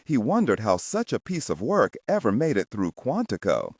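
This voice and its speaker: A man narrating a thriller audiobook in an expressive storytelling manner. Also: mid-range voice, normal speed, breathy edge, no room sound, clean studio sound. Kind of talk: scripted narration.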